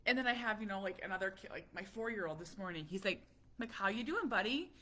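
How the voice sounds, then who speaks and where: A woman talking casually to her viewers about her family, chatty and animated, a little stuffy from a cold. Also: medium pitch, fast talker. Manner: chatty, animated, laughs often. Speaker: parent vlogger. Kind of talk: casual chat.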